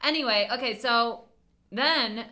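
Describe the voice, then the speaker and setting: Woman co-host, bright voice, casual animated episode recap. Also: on the high side, a little slow. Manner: animated, swears, acts out scenes. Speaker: podcast co-host.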